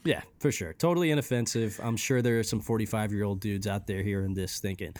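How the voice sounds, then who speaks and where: A man co-hosting a casual music podcast, rambling with many restarts and trailing off quietly. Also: lowish voice, fast. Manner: rambling, restarts often, drops quiet at ends of thoughts. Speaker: podcast co-host reviewing music. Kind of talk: casual chat.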